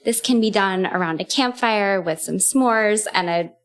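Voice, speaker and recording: A woman's voice: medium pitch, measured pace. Enthusiastic woman podcast guest. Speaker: guest, game co-creator. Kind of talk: interview conversation.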